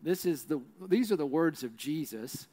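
A middle-aged man delivers a sermon in a relaxed, conversational way, his voice sitting a little high for a man. He checks in with the congregation with a constant "right?" and slows to a near-whisper when he stresses a key line. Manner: conversational preaching, often adds "right?"; slows down and drops to a hush for key lines. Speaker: pastor.

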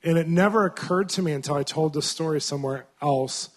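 Man, minister, fairly high voice, conversational sermon, animated storytelling. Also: fairly quick. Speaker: Christian minister and author.

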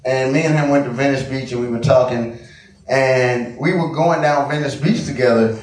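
A man's voice: medium pitch, moderate pace. A man doing profane, brash stand-up storytelling. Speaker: stand-up comedian. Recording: roomy venue, distant mic, ambient noise.

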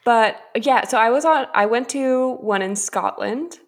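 A woman's voice: on the high side, a little slow. A woman chatting casually on a podcast, telling an easygoing anecdote with occasional laughs.

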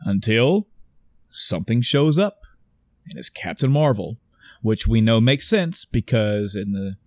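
Excitable young man recapping a film. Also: fairly low pitch, unhurried, no room sound, clean studio sound. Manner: animated retelling with swearing and acted quotes. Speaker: podcast co-host discussing a movie. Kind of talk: casual chat.

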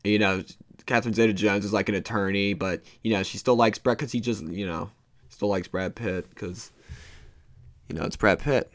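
A man's voice: lowish voice, steady tone, normal speed, no echo. A young man hosting his own podcast, rambling casually with many fillers and loose, meandering thoughts. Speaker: podcast host.

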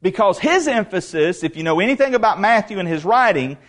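A man's voice: sits high, very animated, a little fast. A male pastor preaching a sermon in an emphatic way, repeating words for stress.

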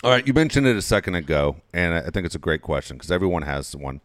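A man co-hosts a talk show in a relaxed, wry way, with a casual curse now and then. His voice sits low. The recording is dry and close. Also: quick pace, no echo. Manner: laid-back, wry, swears casually. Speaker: radio show co-host. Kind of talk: casual chat.

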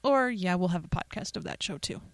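A woman's voice: lowish voice, lively intonation, brisk, vocal fry, no room sound. A woman hosting a radio show, talking casually and playfully with joking, chatty asides in a studio. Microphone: studio microphone.

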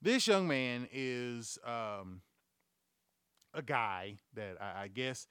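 A man hosting a comedy news podcast, ranting loudly and profanely, acting out quoted voices as he tells stories. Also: medium pitch, very slow, smooth, dry recording. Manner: profane, loud, animated storytelling. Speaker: podcast host.

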